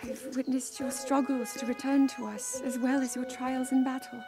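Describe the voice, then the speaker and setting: A gentle young princess, high and light, speaking softly and with deep sincerity. Her lines are captured from game audio. A loud orchestral score plays beneath them. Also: little pitch movement, moderate pace, music in the background. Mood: tender. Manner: soft, earnest and heartfelt delivery. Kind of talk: video game voice acting.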